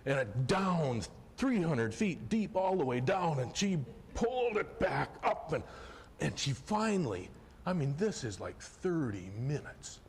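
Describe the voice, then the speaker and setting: A middle-aged man telling a personal fishing story on a festival stage, folksy and animated, swinging from hushed to loud excitement. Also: a little high, unhurried, a little hiss or hum. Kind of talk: live storytelling performance. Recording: live hall recording with long reverb, faint ambience.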